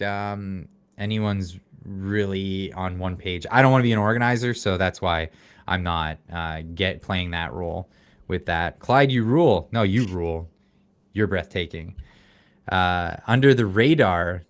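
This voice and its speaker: A man's voice: deep voice, clean tone. A Canadian man with a mild accent, chatting casually on a livestream and reading viewer comments aloud. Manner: rambling, restarts, reads chat aloud. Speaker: livestream guest, political YouTuber.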